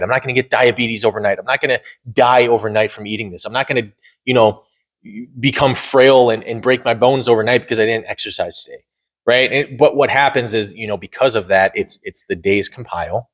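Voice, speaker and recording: A man co-hosting a casual podcast, his voice sitting at an ordinary middle pitch. He rambles, restarts his sentences and keeps checking in with his co-host. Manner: rambling, repeats words and says "right?" often. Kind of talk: casual chat.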